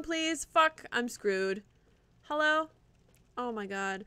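A woman streamer narrating her own gameplay live, cursing freely and reacting loudly to every setback. Her voice is bright and a little high, and she talks slowly and drawn out between outbursts. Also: clear, resonant tone, dry recording. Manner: profane, reactive, talks to the game and chat. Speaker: game streamer.

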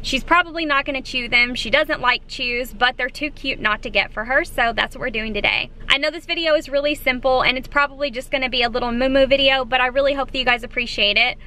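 A young woman with a high, light voice talks straight to her handheld camera in a bubbly vlog style. She gushes over small cute things, moving from her car to a pet shop and home. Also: quick pace, few pauses, sharp tone, a little hiss or hum. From southern United States. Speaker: vlogger. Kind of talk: casual vlog chat. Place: car and pet store, then home couch.

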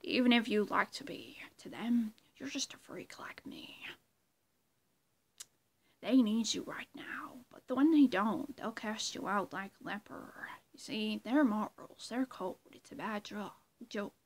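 A woman impersonating an unhinged male villain clown in a whispered role-play, with a breathy, hissing whisper and slow, sinister taunting. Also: medium pitch. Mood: menacing whisper.

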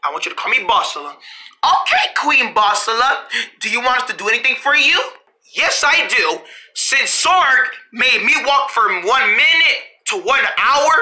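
A very bright voice that swoops high and low as it acts out every part of an improvised toy play. It snaps between bossy orders and whiny protests. It giggles through many of its lines. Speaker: storyteller voicing every character.

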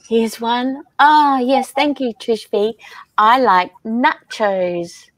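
Woman, slow easygoing talk, dry close sound, reads out viewer comments, laughs a lot. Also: on the high side, dry recording. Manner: unhurried, chatty, laughs often. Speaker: livestream crafting host. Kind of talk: casual chat reading viewer comments aloud.

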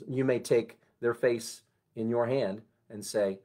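A man who is a pastor, giving a conversational morning devotion and prayer in a gentle, unhurried way. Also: mid-range voice, steady tone.

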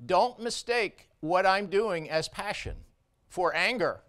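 Man, surgeon, keynote speech, high voice, very animated pitch, blunt, emphatic, punchy repetition. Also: slow pace.

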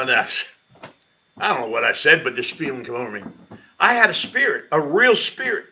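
Speaking fairly quickly, a middle-aged pastor tells the Bible study group about his conversion, his lively delivery climbing sharply when he quotes himself. It's captured with lo-fi livestream audio.

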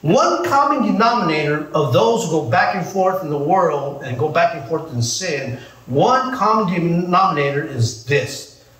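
A man preaching as a pastor, joking and calling out to his congregation in a lively sermon. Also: a little high, normal speed, echoey room, recorded from a distance, rough recording. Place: church.

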